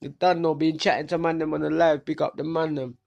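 A man's voice: on the high side, a little fast, gravelly, muffled recording. A young man with a London accent, hosting a podcast and ranting in heavy street slang. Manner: animated, slangy rant. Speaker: podcast host. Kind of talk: casual monologue.

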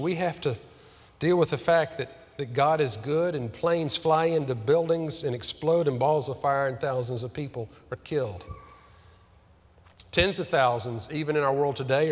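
A man preaching a sermon as pastor, earnest and questioning, slowing down on key words. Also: mid-range voice, long reverb tail.

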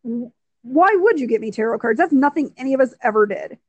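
A woman's voice: sits high, fast talker, lo-fi sound. A young adult woman co-hosting a casual chat, telling stories with lots of swearing. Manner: swears freely, animated storytelling. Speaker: podcast co-host.

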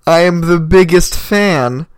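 Man, podcast co-host, casual rambling chat, slightly high voice, dry sound. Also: slow, smooth, no room sound. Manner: chatty, rambling with fillers.

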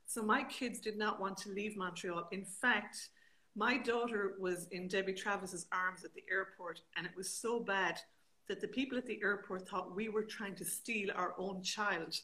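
A middle-aged woman with an Irish accent, a guest chatting on a video call, an exuberant, animated storyteller. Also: mid-range voice, normal speed, poor audio. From Ireland. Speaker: guest singer-songwriter. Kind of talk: casual chat on a livestream.

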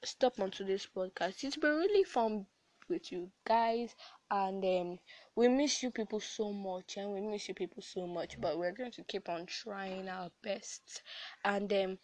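A woman's voice: mid-range voice, a little slow, darkish tone. A young woman hosting a casual podcast, giving advice in a chatty way with restarts and laughs. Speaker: podcast host.

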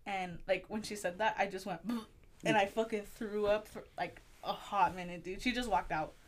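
A young woman telling a personal story in casual chat, animated, swearing a lot and acting out the voices she quotes. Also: medium pitch, normal speed. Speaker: guest storyteller.

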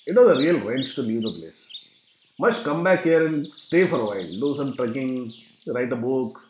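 Lively man telling a travel story. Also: medium pitch, normal speed, echoey room, background noise. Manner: humorous, acts out sound effects. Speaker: travel vlogger.

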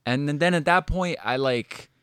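A man telling a story in casual chat, animated and full of swearing, likes and restarts. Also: fairly high pitch, normal speed, clear, resonant tone, no room sound, clean studio sound.

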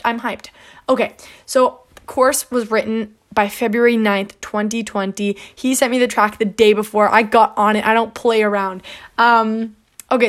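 With a mid-range, somewhat bright voice, a young woman podcast host tells a story in a relaxed monologue. She peppers her speech with "like" and performs the dialogue between people as she goes.

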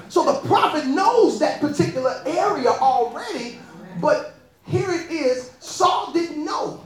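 A woman preaching a sermon in a lively, animated way, often laughing and calling out to the congregation. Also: very high-pitched, normal speed, a crowd in the background. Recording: echoey room.

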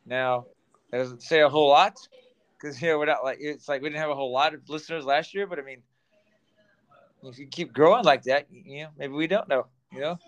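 A man's voice: fairly high pitch, a little fast. A man co-hosting a podcast in a loose, chatty way, laughing often. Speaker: podcast co-host. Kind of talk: casual chat.

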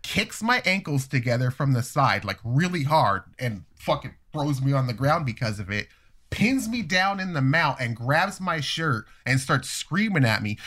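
A young man in a casual chat, telling a long story in a rambling, profane, animated way. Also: medium pitch, moderate pace. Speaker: storyteller guest.

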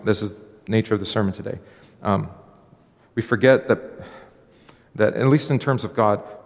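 A pastor giving a relaxed, conversational sermon, his low voice carrying some gravel. He drops into quick acted-out exchanges and trips over restarts as he goes. The sound rings out in a long hall reverb. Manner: conversational, acts out dialogue, frequent fillers and restarts.

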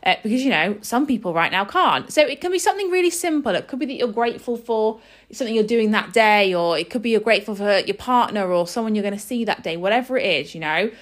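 A woman in her thirties talks through her morning routine in a relaxed podcast monologue. She speaks earnestly and chattily, with her pitch sitting right in the middle for a woman's voice, and she keeps dropping "you know" and "like" into her sentences. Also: fast talker. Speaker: podcast host.

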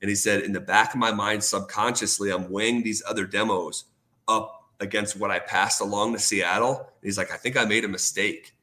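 A man's voice: on the low side, fairly even intonation, fairly quick, pushed and bright. A man in a casual interview, retelling a career story with lots of quoted dialogue, fillers and restarts. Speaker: sports radio host, guest.

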